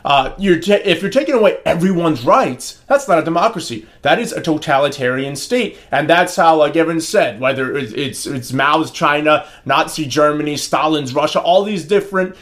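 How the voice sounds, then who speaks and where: A man co-hosting a political talk podcast, making opinionated points in a deliberate, lecturing way. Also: fairly high pitch, animated, fairly bright tone. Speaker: podcast co-host.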